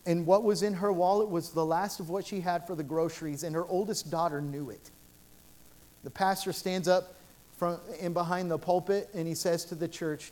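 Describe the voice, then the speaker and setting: A man's voice: on the high side, a little mellow. Man, pastor, sermon in church, earnest, repeats himself, faint room noise. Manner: earnest, repetitive storytelling with restarts. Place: church sanctuary.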